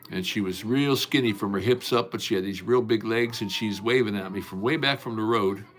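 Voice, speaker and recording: A man's voice: lowish voice, a little fast, a bit bright. A man hosting a casual livestream from home, chatting with viewers in a folksy, rambling way, with many fillers and restarts. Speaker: livestream host. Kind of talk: casual livestream chat, greeting and answering viewers.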